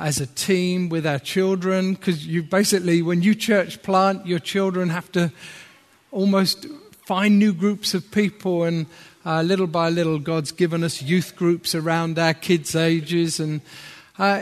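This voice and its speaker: Northern English male preacher, middle-aged, high voice, chatty asides, echoing church hall. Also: measured pace. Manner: chatty and self-deprecating, with asides. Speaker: visiting preacher. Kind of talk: sermon. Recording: long hall reverb.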